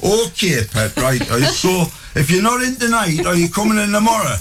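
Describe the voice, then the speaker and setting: A man's voice: expressive, moderate pace, music in the background. A man imitating his elderly mother, fussing and homely, with a North East England accent. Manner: high, doting and chatty.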